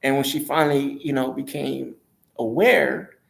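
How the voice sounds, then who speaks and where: Man, very gravelly voice, mid-pitched, casual personal storytelling, hesitant, rambling. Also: steady tone, a little slow. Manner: rambling, hesitant, repeats himself, self-corrects. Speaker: vlogger telling his life story.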